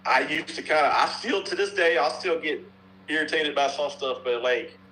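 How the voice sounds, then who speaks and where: A man's voice: fairly high pitch, normal speed, pushed and bright, slight background noise, rough recording. A middle-aged man from North Carolina chatting casually on a podcast, rambling and repeating himself with the odd curse word. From North Carolina, USA. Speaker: softball bat reviewer and podcast guest.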